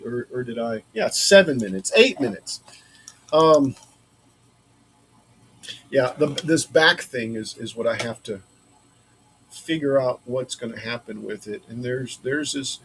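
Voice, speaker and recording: A man's voice: medium pitch, vocal fry, slightly rough. A man chatting casually on a livestream from his woodworking shop, rambling and thinking aloud as he works. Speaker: maker streaming a laser-cut build.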